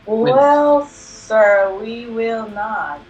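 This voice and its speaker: A man voicing a fussy male street musician in a squeaky falsetto, drawn out and puzzled, during a play read over a video call. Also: extremely slow, a little mellow, dull audio, soft background music, heavily acted.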